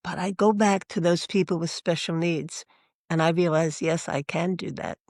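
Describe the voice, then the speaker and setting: Older woman telling lively stories. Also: lowish voice, moderate pace, dry recording, clean studio sound. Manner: animated storyteller, acts out voices of people in her stories. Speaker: guest, religious sister. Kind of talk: storytelling interview.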